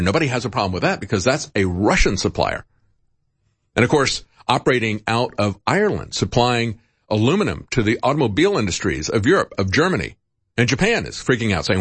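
A man hosting a political commentary show, talking in an animated, indignant and sarcastic way. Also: medium pitch, husky, no echo. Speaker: radio host.

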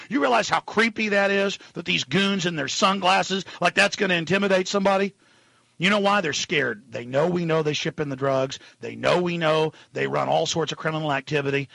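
A male radio talk show host ranting at callers, dropping to a low mutter and then shouting. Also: vocal fry, husky, no room sound.

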